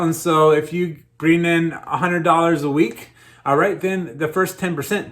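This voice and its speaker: A man's voice: on the high side, a bit bright. A man in his thirties preaching a sermon in a conversational way, often repeating words as he starts his sentences. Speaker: pastor.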